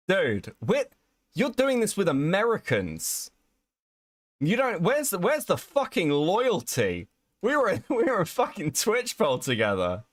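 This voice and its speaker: A man's voice: high-pitched, wildly swooping pitch, slow, long pauses, dry recording. A man hosting a podcast, ranting in a sweary, incredulous way about online drama. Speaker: podcast host. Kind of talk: casual drama commentary.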